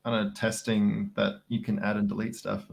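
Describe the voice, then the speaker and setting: Man, co-streamer, casual chat, laughs a lot, low, gravelly. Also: moderate pace. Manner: relaxed, laughs often, reads chat. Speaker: co-streaming guest programmer.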